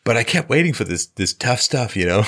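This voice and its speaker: A male host on a call-in show, talking sarcastically and acting out mock shouted scenes. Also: mid-range voice, sing-song, fairly quick. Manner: sarcastic, acts out mock war-movie shouting.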